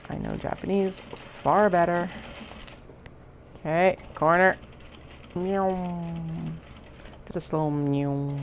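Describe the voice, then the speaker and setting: A woman's voice: sits low, slight background noise. A woman chatting to herself as she sews a bag, talking through each step in a casual, self-amused way. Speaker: crafter sewing on stream. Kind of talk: casual sewing narration. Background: sewing machine running.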